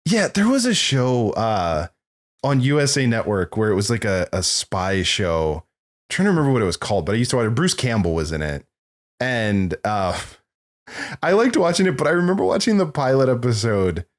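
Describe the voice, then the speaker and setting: A man's voice: mid-range voice, sing-song, moderate pace. A man co-hosting a podcast, chatting casually and rambling through stories about films, laughing often. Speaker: podcast co-host.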